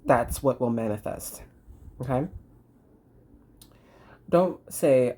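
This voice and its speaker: A woman's voice: extremely low pitch, a little slow, vocal fry, long pauses, warm tone, husky. A woman from Texas, doing a chatty, reassuring intuitive card reading to camera. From Dallas, Texas. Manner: chatty, reassuring, trails off mid-sentence. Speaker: tarot reader and spiritual channeler.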